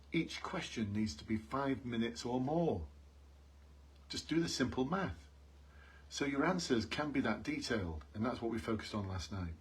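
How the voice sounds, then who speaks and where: A man's voice: lowish voice, husky. A man coaching police job applicants on a live stream, earnest and repetitive, calling out to his viewers. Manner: earnest, repeats key points, calls out to viewers.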